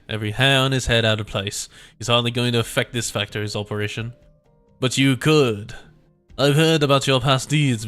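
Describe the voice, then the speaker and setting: A man's voice: mid-range voice, pushed and bright, close to an everyday voice. A man voicing a suave villainous male factory overseer in a put-on French accent, in a pompous manner.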